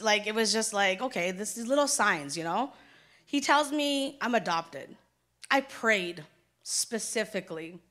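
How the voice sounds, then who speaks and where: A woman's voice: on the high side, pushed and bright. A young woman giving a personal testimony in church, talking casually and acting out dialogue with emphatic turns. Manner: conversational, acts out dialogue, emphatic.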